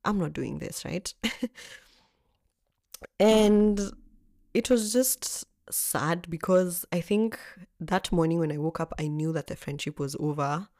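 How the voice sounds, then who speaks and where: A young adult woman tells a personal story in a vlog, animated and expressive, swearing freely. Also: lowish voice, slow, pauses often, dry recording, studio quality. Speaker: vlogger. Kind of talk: storytelling chat.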